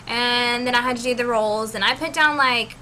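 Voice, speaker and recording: A young adult woman telling a story in a casual vlog, chatty and animated, filling her talk with "like". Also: on the high side, a little fast, a little hiss or hum. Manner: chatty, animated, says "like" constantly. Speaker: vlogger. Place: college dorm room.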